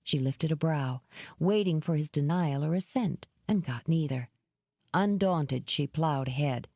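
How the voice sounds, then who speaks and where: A woman reading a romance novel aloud in a measured, even narration. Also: low voice, dry recording. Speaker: audiobook narrator. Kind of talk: scripted narration.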